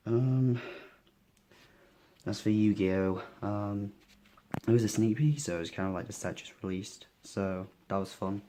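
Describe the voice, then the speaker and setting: A young man with a cold, sniffly and a bit hoarse, talking tiredly through a casual daily vlog with lots of fillers. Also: on the low side, a little slow, dark tone, slight background noise. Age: young adult. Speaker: vlogger.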